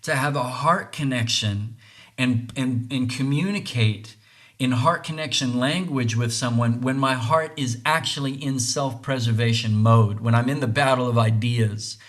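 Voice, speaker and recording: A man's voice: medium pitch, measured pace. A man hosting a podcast, talking through relationships in an earnest, reflective monologue, often restarting phrases and checking in with "right?". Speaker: podcast host.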